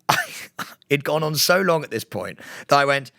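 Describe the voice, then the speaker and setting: A lively young British man with a bright, high-ish voice, full of laughter as he spins a story on a podcast. His pitch leaps all over the place, and the sound is close and dry. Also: moderate pace, no room sound. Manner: animated, laughs often, acts out quotes. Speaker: podcast co-host. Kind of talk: casual storytelling chat.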